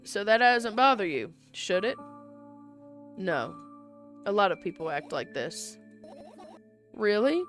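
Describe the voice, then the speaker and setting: A woman's voice: medium pitch, lively intonation, unhurried, pauses often, a bit bright, faint music behind. A woman playing a visual novel and reading all of its text and dialogue aloud, with casual asides of her own between the lines. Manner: reads all parts herself, with casual asides. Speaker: game player reading aloud.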